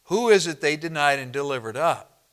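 A man preaching an expository sermon to his congregation, emphatic and direct, reading scripture slowly and deliberately. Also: fairly high pitch, expressive, fairly bright tone, smooth. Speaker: pastor.

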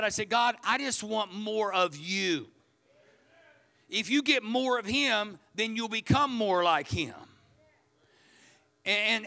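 A man's voice: high voice, sharp tone. A man preaching a sermon, telling a personal story in a folksy, repetitive way. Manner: folksy, storytelling, repeats words. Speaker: pastor.

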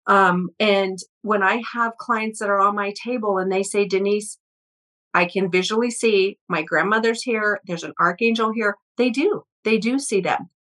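A middle-aged woman speaking as a guest healer in an interview, earnest and storytelling, with a steady middle pitch. She often restarts with repeated words as she warms into each anecdote. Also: normal speed, low-quality recording. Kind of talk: conversational interview.

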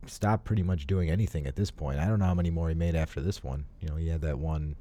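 A man's voice: extremely low pitch, fast, mellow. A man co-hosting a podcast, chatting about movies in a jokey, rambling way. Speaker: podcast co-host. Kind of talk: casual movie chat.

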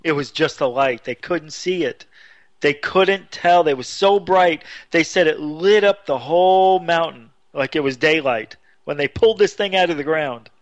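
A man telling a long story on a radio talk show, getting more animated and higher as he goes. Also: moderate pace, no echo. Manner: animated storyteller, rising pitch when excited. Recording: dull lo-fi radio audio.

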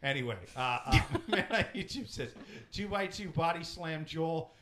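A man hosting a live comedy talk show, reading viewer comments aloud and breaking into loud, swearing rants. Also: a little high, animated, normal speed, noisy background. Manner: swearing, loud ranting bursts. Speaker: comedy podcast host.

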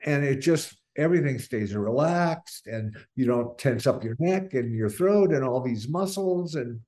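An older man talking casually about his singing life, with a voice of middling pitch. He rambles and restarts his sentences, and he gets animated when he tells a story. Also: unhurried. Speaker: singer being interviewed. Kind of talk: casual interview chat.

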